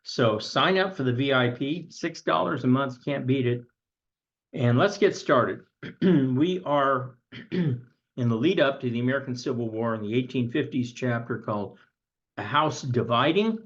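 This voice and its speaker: A man teaching a history lesson in a conversational way, reading from a textbook and then stepping aside to comment. His voice sits at an ordinary middle pitch. The recording is a little dull and lo-fi. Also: a little slow.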